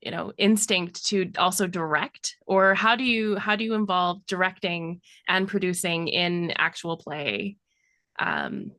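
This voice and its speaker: A woman's voice: on the low side, expressive, unhurried, pushed and bright, dry recording, clean studio sound. Curious woman asking interview questions. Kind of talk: casual interview chat.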